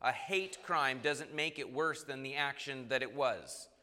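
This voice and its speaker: A man preaching a sermon in an earnest way, now and then acting out quoted voices with sudden loud jumps. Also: mid-range voice, unhurried. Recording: long reverb in a large hall.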